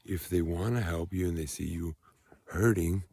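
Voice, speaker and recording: A man's voice: low voice, moderate pace, mellow, slightly rough. A man delivering a rambling, preachy vlog monologue while walking outdoors at night, talking into his phone, with faint outdoor noise around him. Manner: rambling, preachy, grows heated and emphatic. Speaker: vlogger.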